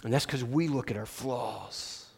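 A man preaching a sermon as pastor, slow and emphatic, restarting his phrases often. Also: medium pitch, vocal fry, slightly rough. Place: church sanctuary. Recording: long church reverb.

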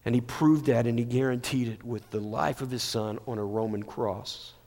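A male pastor preaching a sermon, moving between loud emphatic peaks and hushed, near-whispered passages. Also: medium pitch, fairly even intonation, moderate pace. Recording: long hall reverb.

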